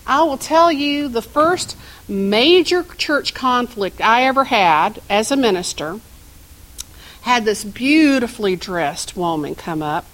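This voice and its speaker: A woman's voice: on the high side, animated, takes it slowly, fairly bright tone, rough recording. A middle-aged woman minister preaching a sermon, telling stories and asking the congregation questions. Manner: storytelling, asks the congregation questions.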